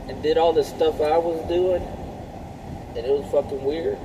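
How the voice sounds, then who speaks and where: A man's voice: on the high side, steady tone, normal speed, long pauses, background noise. A man in his thirties talking in a casual, rambling monologue, full of filler words and swearing. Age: 30s. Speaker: vlogger.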